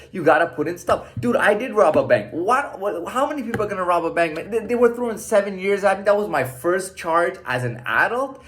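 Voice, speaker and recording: Blunt, profane man with a lively voice. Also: a little high. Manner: blunt and profane, talks in stops and restarts; preachy, lecturing the listener. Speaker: storyteller. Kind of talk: casual monologue.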